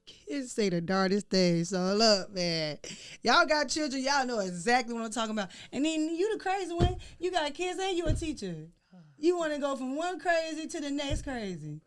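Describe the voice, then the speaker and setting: Podcast host lady, kinda high voice, teasing and easygoing, cracking jokes with her guest. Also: sing-song, normal speed. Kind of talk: casual interview chat.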